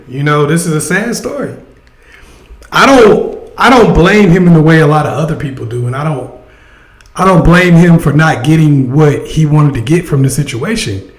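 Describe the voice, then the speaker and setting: A man hosting a casual livestream, giving advice and talking straight to his chat. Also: a little high. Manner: conversational, addresses chat directly. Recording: echoey room sound.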